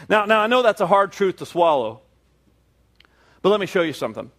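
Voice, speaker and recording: High-voiced preaching man. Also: expressive, a little fast. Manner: preaching, rising to emphatic peaks with repeated phrases. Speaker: pastor. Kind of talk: sermon.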